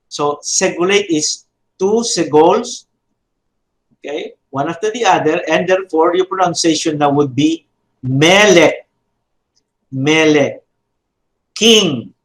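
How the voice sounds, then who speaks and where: A middle-aged man, giving a lesson slowly, with frequent fillers and repeated drills. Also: a little high, fairly bright tone. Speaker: teacher. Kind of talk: classroom lecture. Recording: echoey room.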